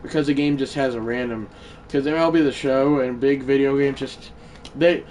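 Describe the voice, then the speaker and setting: A man livestreaming a baseball video game, chatting to viewers and shouting when big hits land. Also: mid-range voice, moderate pace, slight background noise. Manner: excitable, swings from mumbled asides to shouted play calls. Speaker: gaming livestreamer. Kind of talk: live gameplay commentary.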